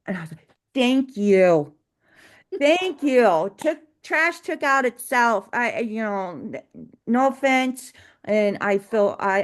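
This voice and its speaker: A woman who runs a cleaning business, co-hosting a casual podcast and telling stories from work in a chatty way, with many restarts. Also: fairly low pitch. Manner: chatty storytelling with frequent restarts and laughs. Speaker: cleaning business owner, co-host.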